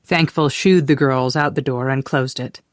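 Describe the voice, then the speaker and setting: Audiobook narrator, romance novel, steady even pace, mid-range voice, dry close sound. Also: medium pitch, moderate pace, no echo.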